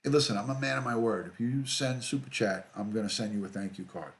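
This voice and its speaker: A fast-talking middle-aged man with a voice on the low side hosts a casual livestream. A retired detective, he reads viewers' comments aloud, greets them by name and tends to repeat himself.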